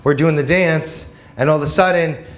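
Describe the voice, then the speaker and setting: A man from New Jersey performing a stand-up comedy set in a comedy club, animated and breaking into shouted, high-pitched quotes. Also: normal speed. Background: audience laughter.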